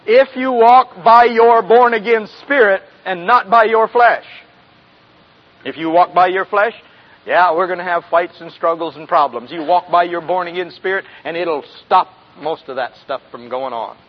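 At normal speed and with a voice that sits high, a pastor in his sixties gives a down-home sermon. Questions for the congregation and chuckles come often, heard on a dull lo-fi recording.

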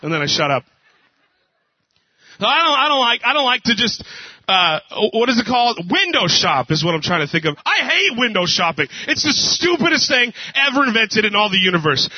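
A male pastor preaching a casual sermon, telling jokes and stories with a relaxed, conversational manner. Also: sits high, fairly quick, breathy edge, no room sound. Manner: casual, joking storyteller. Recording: dull dry lo-fi.

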